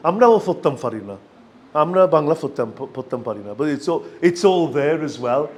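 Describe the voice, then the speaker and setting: A man from Sylhet with a Sylheti accent, a university lecturer giving a lively, chatty workshop talk to students and often checking they follow. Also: fairly high pitch, rapid-fire. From Bangladesh, Sylhet region. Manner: chatty and enthusiastic, asks for agreement often.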